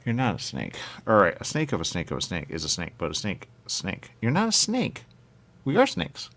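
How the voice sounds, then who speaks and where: A man's voice: huge pitch swings, fairly quick, vocal fry, a bit bright. A man in absurd comedic banter, arguing in goofy circles. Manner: goofy, circular arguing with big pitch jumps.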